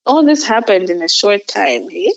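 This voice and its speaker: A woman's voice: medium pitch, animated, moderate pace, gravelly, lo-fi sound. A young woman, a podcast guest, telling a personal story casually, rambling with many filler words.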